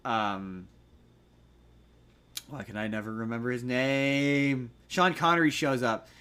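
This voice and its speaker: A man co-hosting a podcast, chatting casually and animatedly, slipping into quick jokey impressions. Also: medium pitch, pushed and bright, clean tone. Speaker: podcast co-host. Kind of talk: casual chat.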